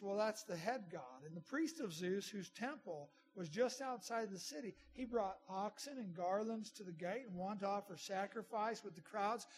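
There's a slight hiss or hum behind this middle-aged pastor's high-pitched voice. He preaches in a conversational way, turning aside now and then to address the congregation.

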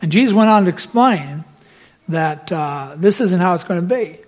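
A man preaching a sermon, telling the story with lively, acted-out voices. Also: high voice, moderate pace.

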